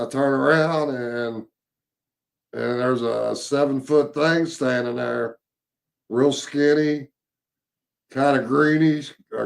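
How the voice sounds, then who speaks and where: Man, gravelly voice, casual storytelling, rambling and halting, lots of fillers. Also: mid-range voice, a little mellow. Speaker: witness telling an encounter story.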